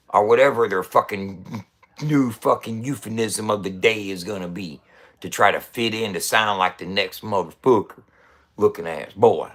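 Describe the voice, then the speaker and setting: A middle-aged man, apparently a website founder, rants to the camera in a loose, foul-mouthed way, cursing constantly and coughing between lines. His voice is medium in pitch, gravelly and bright, with a forceful delivery.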